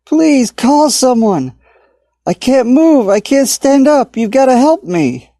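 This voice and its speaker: A man's voice: animated, measured pace, warm tone, no room sound. A man voicing a panicked young man stuck in place, pleading desperately for help. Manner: desperate, high-pitched pleading.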